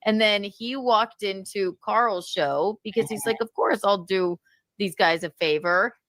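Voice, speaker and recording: A woman hosting a livestream gossips and chats casually, laughing a lot, swearing, and doing mocking impressions. Her medium-pitched voice is fairly bright and a little slow, and the audio has no echo.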